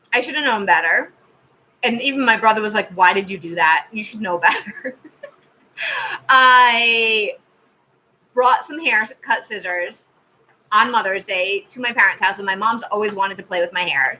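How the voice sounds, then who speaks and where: A woman in her thirties hosts a live tarot stream and chats casually with her viewers. She has a bright, clear voice that sits at an ordinary middle pitch. She rambles through stories, dropping "like" and "um" as she goes. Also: a little slow, poor audio. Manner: chatty storytelling with many fillers and laughs. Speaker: tarot reader and channel host.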